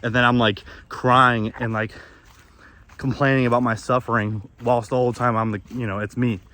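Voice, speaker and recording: A man's voice: mid-range voice, little pitch movement, moderate pace, pushed and bright. A young man outdoors in the woods, rambling candidly and profanely through a confessional monologue, often restarting his sentences. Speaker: vlogger.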